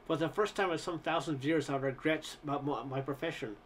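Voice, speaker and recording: A man's voice: fairly high pitch, brisk, a little hiss or hum, natural voice. A man voicing an anguished male alien who speaks in stiff, formal sentences, pleading to be destroyed. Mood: despairing. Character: anguished towering alien with terrible eyes, male.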